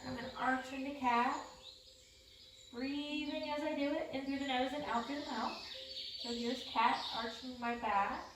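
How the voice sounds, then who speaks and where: A woman teacher gently leading a home yoga class with calm, encouraging instructions. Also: sits high, moderate pace, noisy background. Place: home room. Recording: echoey room, mic at a distance, loud music behind. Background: quiet nature music.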